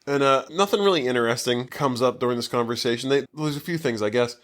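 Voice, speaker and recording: A man's voice: mid-range voice, fast talker, fairly bright tone. A man co-hosting a casual podcast, recapping a movie in a loose, rambling way full of fillers. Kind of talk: casual chat. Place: basement.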